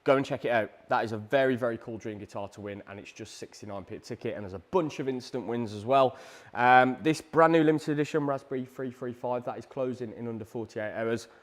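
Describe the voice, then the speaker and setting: A British man hosting a live prize draw stream, chatty and energetic, with a salesy push and frequent ums. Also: medium pitch, a little fast. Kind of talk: upbeat live-stream announcements.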